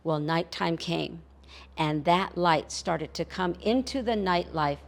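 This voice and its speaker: A woman storyteller telling a folk tale in a measured, rhythmic way, building with repetition. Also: on the low side, creaky.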